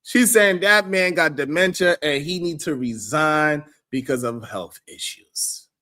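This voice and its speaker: Brief: live-stream host, higher-pitched voice, loose animated chat delivery, reads and answers viewer comments. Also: male voice, measured pace.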